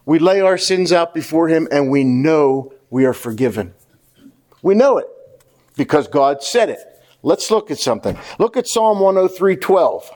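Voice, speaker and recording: A man with a notably high voice, preaching a sermon to his church. He speaks with earnest conviction and talks straight to the congregation. He often repeats a key phrase two or three times to drive it home. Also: sing-song, normal speed, a little mellow. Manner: addresses the congregation directly. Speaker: pastor.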